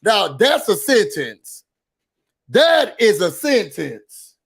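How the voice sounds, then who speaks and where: Sassy, high-voiced man ranting. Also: takes it slowly, gravelly, husky. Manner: expressive, sassy, mimics quotes in a high voice. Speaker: recap show host. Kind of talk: animated recap and rant.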